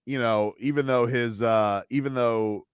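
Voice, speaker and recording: A man of middle pitch co-hosting a sports radio show, measured and wry, with a teasing edge. His voice is close and dry, with no room sound. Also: steady tone, smooth, no echo. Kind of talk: casual sports talk.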